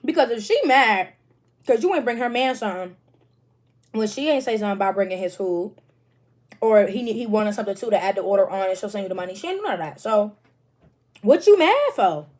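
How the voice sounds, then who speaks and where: A woman's voice: medium pitch, lively intonation, a little fast, a little mellow. A young woman hosting a reaction video, casual and candid, talking straight to her viewers.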